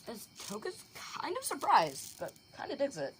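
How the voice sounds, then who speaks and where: A woman's voice: on the high side, wildly swooping pitch, moderate pace, slight background noise. A woman improvising and narrating a fan anime story aloud, rambling with fillers and restarts.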